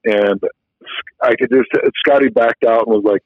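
A man's voice: medium pitch, normal speed, no room sound, phone-quality sound. A man hosting a sports radio show who tells stories about his co-host in a teasing, casual way. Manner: teasing storyteller.

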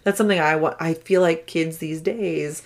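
A woman in her thirties with a fairly low voice co-hosts a laid-back podcast chat. She talks in a relaxed way, backs up her partner with steady murmurs of agreement, and shares warm stories about her daughter. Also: normal speed. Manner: relaxed, supportive, many affirming backchannels. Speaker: podcast co-host. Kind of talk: casual chat.

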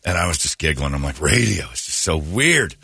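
A man's voice: a bass voice, fairly quick, creaky, slight background noise. A man who hosts radio, telling stories in casual chat and mimicking the people he met. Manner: animated storyteller, mimics voices. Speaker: radio host.

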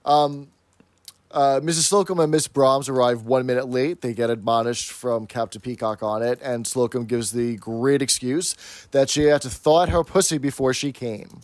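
A man's voice: medium pitch, fairly even intonation, moderate pace, no room sound. A man co-hosting a podcast, casually recapping a sitcom episode scene by scene. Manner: recapping, plot by plot. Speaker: podcast co-host.

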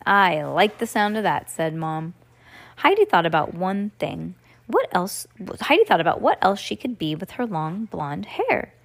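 A woman's voice: lowish voice, very animated, measured pace, gravelly. A woman reading a children's book aloud at home, casually stopping to comment and restart lines. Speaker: reader.

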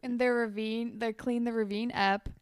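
A woman's voice: fairly high pitch, little pitch movement, moderate pace, smooth, no room sound, studio quality. A young woman co-hosting a casual podcast, chatty and swearing, acting out lines while recapping a TV episode. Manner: chatty, swears, acts out quotes. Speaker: podcast co-host.

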